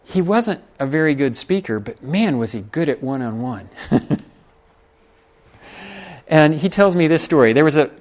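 A man's voice: on the high side, expressive, measured pace, pauses often, darkish tone. A middle-aged man preaching a sermon, telling a folksy story with chuckles and asides to the congregation. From Texas.

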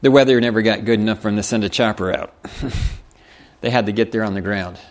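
A man's voice: on the low side, fairly even intonation, brisk. A man preaching a sermon, reading scripture aloud and explaining it in a folksy way with chuckles.

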